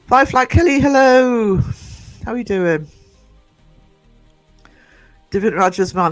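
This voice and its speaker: A middle-aged livestream host from the North East of England speaks with a soft Northumbrian accent in a fairly high voice, animated but slow, with long pauses. He rambles through casual chat with live viewers, greeting chatters by name, full of fillers and restarts. The recording is dry, with faint music underneath.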